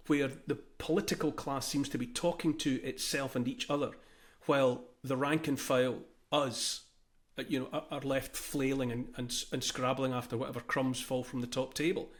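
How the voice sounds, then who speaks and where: A man's voice: mid-range voice, moderate pace. A man from Britain hosting a political interview, asking reflective, searching questions. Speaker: host.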